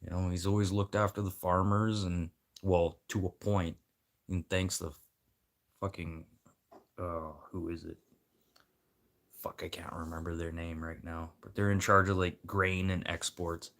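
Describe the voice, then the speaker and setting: Man, very low voice, casual profane rant, rambling. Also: level tone, a little slow, fairly bright tone. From Manitoba.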